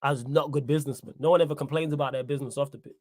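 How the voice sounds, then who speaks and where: Animated, teasing male podcast host. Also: rapid-fire, dry recording, clean studio sound. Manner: animated, teasing, rises sharply in pitch when excited. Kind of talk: casual chat.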